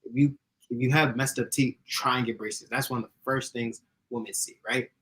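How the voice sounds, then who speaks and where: Giggly fast-talking young man. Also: medium pitch, fairly even intonation, a bit bright, poor audio. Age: young adult. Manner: fast, giggly, laughs often. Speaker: YouTuber giving dating advice. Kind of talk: casual chat.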